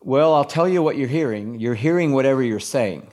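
A middle-aged man, a pastor and author, preaching in conversation with emphasis and slowing down on key points. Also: mid-range voice, animated, darkish tone.

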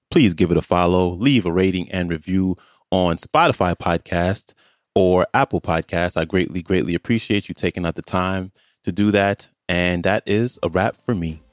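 A man hosting a podcast, wrapping up the episode with thanks and links in a relaxed way. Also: deep voice, no echo. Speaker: podcast host. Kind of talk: podcast outro. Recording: dry mic with faint music bed.

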